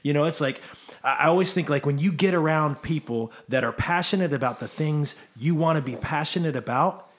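A man's voice: fairly high pitch, brisk. A man in his forties who hosts a faith conversation and writes church songs. He speaks in an upbeat, encouraging, conversational way. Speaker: host, church songwriter.

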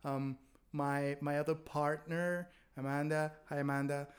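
A man's voice: on the high side, level tone, a little slow. A man chatting candidly on a podcast about his dating life, laughing often as he rambles through stories. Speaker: podcast guest, stand-up comedian. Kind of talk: casual chat. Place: Berlin.

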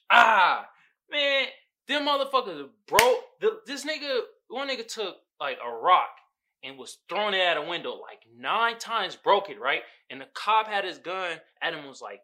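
A man's voice: high-pitched, sing-song, moderate pace, bright, forceful tone. A man hosting a podcast, talking in a loose, profane commentary monologue and slipping into quoted voices of other people. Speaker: podcast host.

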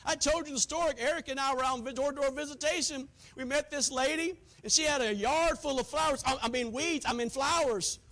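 A man pastor preaching a sermon, swinging from hushed asides to shouted points. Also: very high-pitched.

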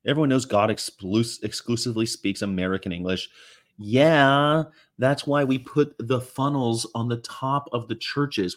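A man's voice: mid-range voice, moderate pace, a bit bright. A middle-aged man chatting casually on a stream, sarcastic and rambling, laughing often. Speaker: livestream host. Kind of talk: casual chat reacting to comments.

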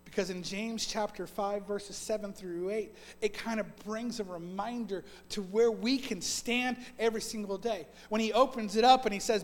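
A man with a very high voice preaches to his congregation, moving between loud, emphatic bursts and quiet, hushed asides. He talks in a plain, conversational way and stacks up repeated phrases. A long church reverb trails after his words. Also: steady tone, normal speed, few pauses. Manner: repetitive, list-like delivery. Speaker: pastor. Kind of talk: sermon. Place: church sanctuary.

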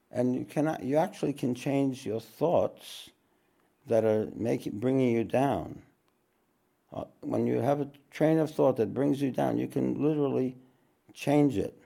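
Gravelly-voiced man giving a spiritual talk. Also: mid-range voice, warm tone. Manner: unhurried, repeats phrases, clears throat often. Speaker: spiritual teacher.

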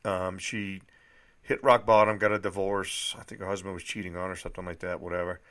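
A man's voice: low-pitched, little pitch movement, a little fast, fairly bright tone. A man in his thirties from New Hampshire with a slightly nasal voice, rambling casually with fillers before reading his own book aloud. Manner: rambling, many fillers and restarts. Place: dry indoor room.

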